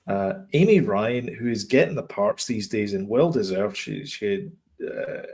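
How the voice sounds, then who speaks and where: A man's voice: fairly low pitch, expressive, a little slow, darkish tone. A man co-hosting a podcast, chatting casually and meandering through stories about films and TV. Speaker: podcast co-host.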